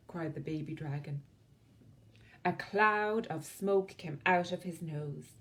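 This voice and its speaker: A library storyteller with an Irish accent and a low-sitting voice reads a picture book aloud to children at a slow pace, expressive and gentle on the tag lines.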